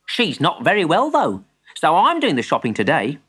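A woman's voice: deep voice, huge pitch swings, normal speed, fairly bright tone, husky, exaggerated voice. A woman voicing an earnest, polite young boy. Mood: eager, earnest. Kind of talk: storybook voice acting.

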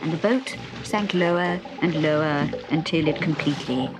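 A woman narrating a children's storybook with an expressive, animated reading. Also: sits low, moderate pace. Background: background music.

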